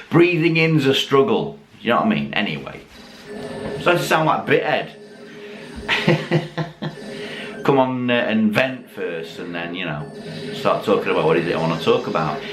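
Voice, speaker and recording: A man's voice: lowish voice, lively intonation, unhurried, long pauses, over music. Tipsy rambling man. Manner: rambling, swearing, self-mocking. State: tipsy from drinking. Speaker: YouTube channel host. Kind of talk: casual chat to camera. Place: dim room at home, lit by Christmas lights. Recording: echoey room with faint background noise.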